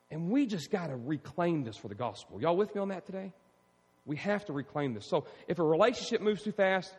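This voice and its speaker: A male pastor preaching a sermon, animated and emphatic, calling out to his congregation. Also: fairly high pitch, slightly rough. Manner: animated, preaching with rising emphasis and audience call-outs. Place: church sanctuary. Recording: long reverb in a large hall.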